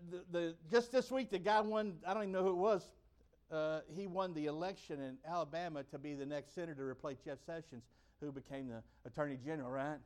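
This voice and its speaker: A high-pitched man from the United States delivers a sermon. He talks emphatically and circles back to the same phrases to drive each point home. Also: darkish tone. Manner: emphatic, repeats key phrases. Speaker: preacher.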